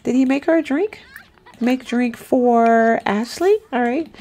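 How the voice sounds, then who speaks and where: A woman's voice: a little high, measured pace, dark tone. A woman giving chatty, giggly let's-play commentary on a life-simulation game, talking straight to her viewers.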